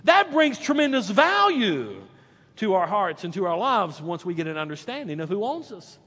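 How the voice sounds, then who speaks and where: A pastor preaching an emphatic sermon, swinging between loud lines and hushed ones. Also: male voice, sits high, very animated, moderate pace, breathy edge, in a large hall.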